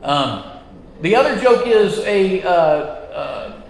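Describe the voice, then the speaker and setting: A man's voice: high-pitched, animated, slow, a little hiss or hum. A man teaching a Sunday school class, chatty and self-deprecating, opening with jokes. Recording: echoey hall with reverb.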